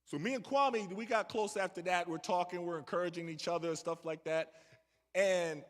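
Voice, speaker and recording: A middle-aged guest speaker with a high-pitched voice tells a story to a young audience at normal speed, bantering with the crowd. He's in a large church hall, and the recording carries its echo.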